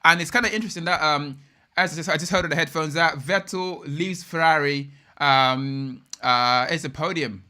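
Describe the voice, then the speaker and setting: A young British man hosts a live race watch-along, reacting in an excitable, slangy way at a normal speed. His bright, forward voice sits a little high, and between reactions he keeps talking directly to his viewers.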